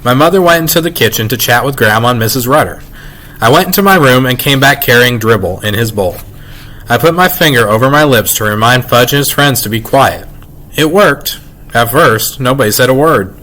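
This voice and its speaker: Man, reading aloud, children's novel, expressive storytelling, middle pitch. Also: brisk, rough recording. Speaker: reader.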